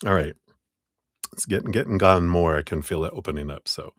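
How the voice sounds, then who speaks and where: Deep-voiced man hosting a chatty live stream. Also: brisk, no room sound, studio quality. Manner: chatty, greets viewers warmly, laughs often, drops into quiet asides. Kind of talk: casual live-stream chat.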